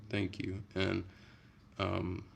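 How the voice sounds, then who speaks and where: A young man with a low, gravelly voice talks loosely on a late-night stream, drifting between chat messages in an easy, unhurried way. A faint hiss sits under his voice. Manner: relaxed, rambling, soft-spoken.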